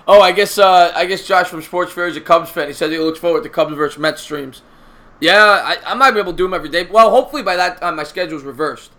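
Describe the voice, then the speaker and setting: Male stream host, bright and raised in pitch, rambling casual talker. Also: fast. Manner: rambling, laughs often. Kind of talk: casual chat.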